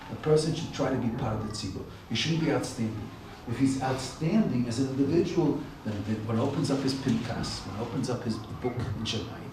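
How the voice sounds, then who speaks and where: A man's voice: mid-range voice, background noise. A man giving a Torah lecture at a yeshiva, explaining each Hebrew term in English, repeating his phrases and building to emphatic points. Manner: rises to emphatic peaks on key points. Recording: very echoey room, distant mic.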